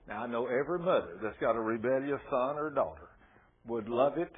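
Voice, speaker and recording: A man's voice: medium pitch, lively intonation, a little fast, husky. A man preaching a sermon in a fervent, folksy way, acting out the people in his stories. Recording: tinny phone-like sermon recording.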